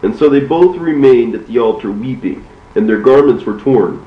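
Man reading scripture aloud, measured and steady, lively pitch, dull muffled sound. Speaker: reader. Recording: distant, roomy, dull recording.

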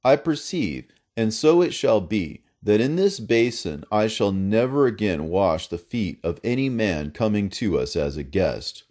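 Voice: a man reading as an old patriarch, grave and hospitable. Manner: solemn, commanding. Range: lively, low-set. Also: measured pace, few pauses.

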